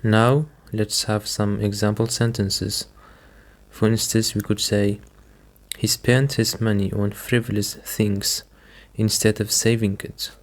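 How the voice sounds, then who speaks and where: A man teaching English vocabulary, patiently repeating each word and explaining it with simple examples. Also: fairly low pitch. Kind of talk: slow, careful teaching.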